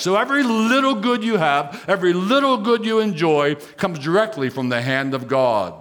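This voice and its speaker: A man's voice: a little high, expressive, normal speed, few pauses, fairly bright tone. A male pastor preaching a sermon, emphatic, repeating key phrases and rising sharply on exclamations.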